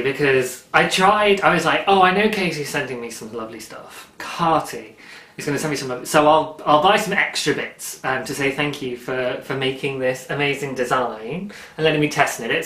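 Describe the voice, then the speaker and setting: Bright, fast-chatting man in his thirties. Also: fairly high pitch. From United Kingdom. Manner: fast, excitable and babbling, with frequent laughs. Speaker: podcast host. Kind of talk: casual knitting podcast chat. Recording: roomy, echoey room.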